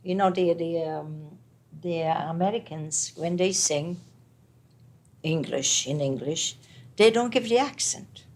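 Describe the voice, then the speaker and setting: An older woman with an Italian accent, speaking as an interview guest in a casual, animated way, with halting English and many restarts. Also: on the low side. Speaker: interviewee, retired opera singer. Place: home apartment.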